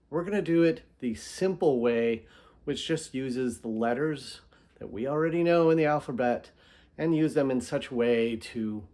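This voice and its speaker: A man talks slowly and deliberately, walking listeners through a lesson. He draws out example words to sound them out, with a calm, middle-aged voice at an ordinary pitch. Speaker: teacher. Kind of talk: instructional explanation.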